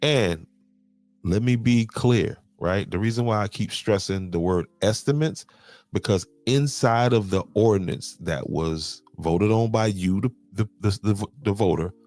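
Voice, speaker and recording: A man's voice: fairly low pitch, measured pace, a little mellow, dry recording. A man, hosting a podcast and explaining local money matters, restarting words and checking in with "okay". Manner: repeats words, restarts and says "okay" often. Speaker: podcast host. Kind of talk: explaining local county finances to viewers.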